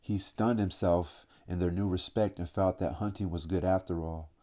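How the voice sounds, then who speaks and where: A man reading a classic novel aloud as an audiobook, in a steady, measured way. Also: low voice. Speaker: audiobook reader. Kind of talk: audiobook narration.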